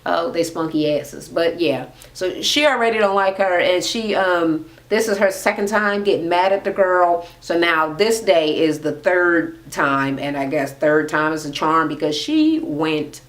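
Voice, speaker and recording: A woman's voice: lowish voice, lively intonation, a little slow, hardly any pauses. A woman casually chatting through a reality TV recap in a gossipy, profane manner.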